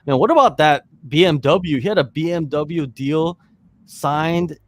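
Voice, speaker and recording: A man's voice: fairly high pitch, a little slow. A man co-hosting a podcast in casual chat, teasing and talkative, with lots of "you know". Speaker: podcast co-host.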